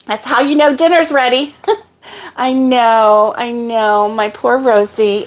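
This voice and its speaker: Slow-talking chatty woman host. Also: on the high side. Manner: chatty, rambling, with fillers. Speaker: live stream host. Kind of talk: casual live-stream chat. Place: home kitchen.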